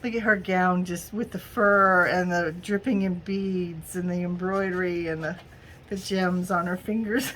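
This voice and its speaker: A middle-aged woman with a drawl talks casually to her viewers in a slightly low voice. She giggles often and calls everyone "y'all." A faint room hum sits under her voice. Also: steady tone, unhurried, fairly bright tone. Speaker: crafting vlogger. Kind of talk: casual haul video.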